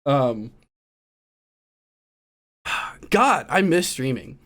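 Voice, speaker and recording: A casual streamer talking at length in an easy, rambling way, full of "um" and "like." The voice sits at a middling pitch, and the talk drifts from musing to sudden loud, animated bursts. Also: very slow. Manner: rambling, many fillers like "um" and "like". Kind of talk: casual chat.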